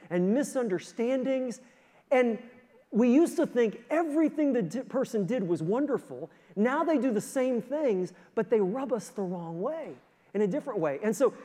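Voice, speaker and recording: A male pastor preaching a sermon, telling stories in an animated way and often stumbling over repeated words. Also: high voice. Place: church sanctuary. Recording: long church hall reverb.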